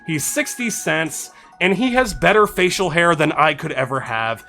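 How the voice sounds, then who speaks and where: A bright-voiced man chatting on a live stream, his pitch sitting a little high. He thanks followers and reads out text in quick, excited bursts. Soft music plays faintly behind him. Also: creaky. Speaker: streamer reviewing card suggestions. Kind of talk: casual live-stream chat. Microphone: desk microphone.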